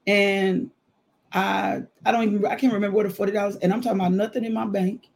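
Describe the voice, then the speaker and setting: A man delivers a devotional like a conversation over coffee. His voice sits high, with a husky, gravelly texture. He moves between preaching and personal testimony, often breaking into laughter. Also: quick pace. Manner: animated storytelling testimony, frequent laughter. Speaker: minister.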